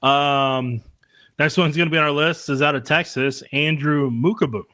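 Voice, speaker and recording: A man's voice: on the high side, steady tone, moderate pace, pushed and bright, no room sound. A man co-hosting a casual sports podcast, talking loosely and laughing often between points. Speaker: podcast co-host.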